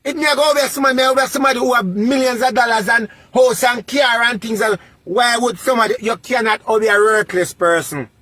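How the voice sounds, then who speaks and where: A man's voice: very high voice, quick pace, hardly any pauses, bright, forceful tone, dry recording. A man with a Jamaican accent delivering a scolding vlog rant, lecturing in a repetitive, sing-song preaching cadence. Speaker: vlogger. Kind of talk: scolding social media rant.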